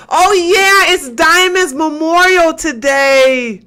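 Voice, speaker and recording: Woman, livestream host, bright, animated commentary voice. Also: high-pitched, takes it slowly, few pauses, soft background music. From Georgia, USA. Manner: animated, emphatic, talks to chat, swings between loud outbursts and muttering.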